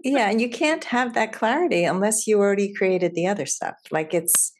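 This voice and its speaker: A woman's voice: medium pitch, normal speed. A woman hosting a casual interview, who speaks in a reflective, affirming way and builds on her guest's points. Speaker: interview host.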